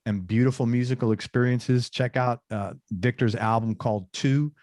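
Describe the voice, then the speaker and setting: A man's voice: medium pitch, moderate pace, a little mellow, no echo, studio quality. A man hosting an interview show, chatting loosely with asides and restarts as he introduces his guest. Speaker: podcast host. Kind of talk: casual interview chat.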